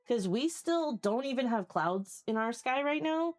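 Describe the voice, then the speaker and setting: A woman's voice: fairly high pitch, lively intonation, unhurried. A woman streaming live who chats casually with her viewers, rambling, swearing freely and laughing often. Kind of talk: casual chat. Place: home basement.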